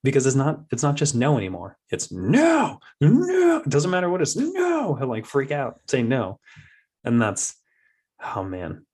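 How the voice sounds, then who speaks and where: A man's voice: medium pitch, moderate pace. A man in his thirties hosting a casual podcast, telling parenting stories and acting out his toddler's voice. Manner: animated storyteller, acts out his toddler's voice. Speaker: podcast host.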